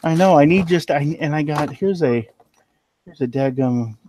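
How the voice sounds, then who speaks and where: A man's voice: a little high, moderate pace, darkish tone, a little hiss or hum. A middle-aged man in a casual late-night stream chat. He talks in a folksy, rambling way and repeats his words. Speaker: reseller on a live stream.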